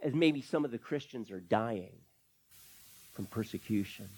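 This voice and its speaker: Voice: mid-range voice, a little slow, slightly rough. Pastor preaching a sermon, voice swoops up and down a lot, keeps throwing out questions, goes through bible verses one by one. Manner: animated preaching with rhetorical questions; explains scripture verse by verse.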